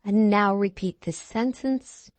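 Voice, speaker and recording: Woman giving slow lesson prompts. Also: mid-range voice. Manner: brief, even instructions. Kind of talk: recorded instruction prompts.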